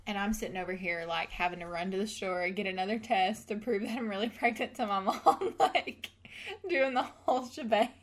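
A woman's voice: mid-range voice, fairly quick. A woman in her twenties, a podcast host, telling a story in casual chat, laughing often and acting out quotes. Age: 20s.

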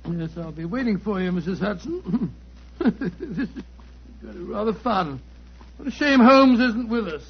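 A man's voice: high voice, lively intonation, unhurried, long pauses, a little hiss or hum. A man playing Dr. Watson, a genial, bumbling doctor who talks hesitantly and heartily, in a 1940s radio drama. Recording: dull 1940s radio broadcast.

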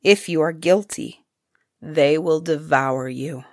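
A woman's voice: low voice, slow pace, dry recording, studio quality, voice pushed down. A woman voicing an angry young prince who speaks sternly and accusingly.

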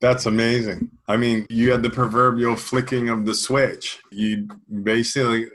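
Podcast host guy, encouraging, sums stuff up, mid-pitch voice. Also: little pitch movement, moderate pace, fairly bright tone. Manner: encouraging, sums up guest's points. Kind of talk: interview conversation.

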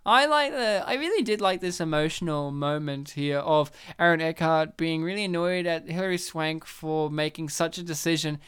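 A man's voice: a little high, moderate pace, few pauses, a bit bright, smooth. A young man from New South Wales with an Australian accent, chatting casually and jokingly about a movie as a podcast co-host. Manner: playful, joking, acts out characters' lines. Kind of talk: casual movie commentary chat.

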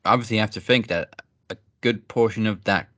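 A man co-hosting a wrestling podcast in casual chat, laid-back and hesitant, filling pauses with "um". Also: lowish voice, fairly bright tone, no echo.

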